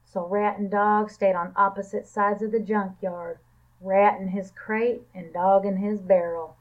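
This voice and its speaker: Slow-reading woman librarian on a tinny line. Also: mid-range voice, little pitch movement. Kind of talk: reading a picture book aloud. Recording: tinny phone-like sound.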